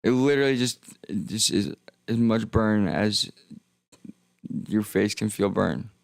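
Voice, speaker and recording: A man's voice: fairly low pitch, measured pace, gravelly, no room sound. A young man streaming, rambling and joking in casual talk that trails off into mumbles.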